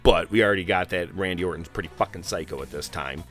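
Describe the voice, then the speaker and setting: A man's voice: deep voice, fast talker, a bit bright, soft background music. A man hosting a casual podcast, rambling and profane, with lots of fillers. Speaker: podcast host.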